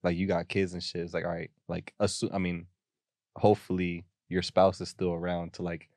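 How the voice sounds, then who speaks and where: A young man co-hosting a podcast in casual chat, slangy and joking, quick to laugh while he rambles. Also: deep voice, completely flat delivery, darkish tone, no echo. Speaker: podcast co-host.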